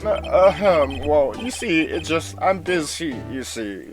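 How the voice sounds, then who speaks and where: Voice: mid-range voice, very animated, measured pace. Someone playing a pompous old lawyer with a slipping accent. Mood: evasive. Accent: put-on accent that slips. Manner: stammering, old-fashioned formal. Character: pompous older male lawyer, evasive. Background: music.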